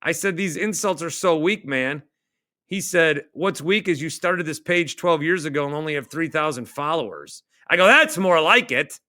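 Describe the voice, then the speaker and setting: A middle-aged male radio host reading out online comments and firing back at them in a sarcastic, animated rant. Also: a little high, moderate pace, no room sound, studio quality.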